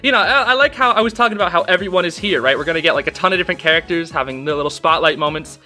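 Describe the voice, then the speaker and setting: An excited young man talks through a cartoon episode in a loose, casual review, gushing and repeating his praise. His voice sits high and bright. Faint music plays underneath. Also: rapid-fire. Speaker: video reviewer.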